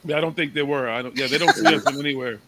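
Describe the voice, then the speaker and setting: A man's voice: mid-range voice, rapid-fire, sharp tone. A man hosting a casual chat with friends, joking and swearing freely.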